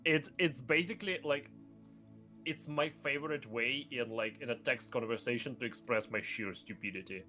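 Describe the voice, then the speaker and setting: A man chatting casually as a guest streamer, excitable and rambling, with many fillers and bursts of loud laughter. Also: medium pitch, normal speed, faint music behind. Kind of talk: casual chat.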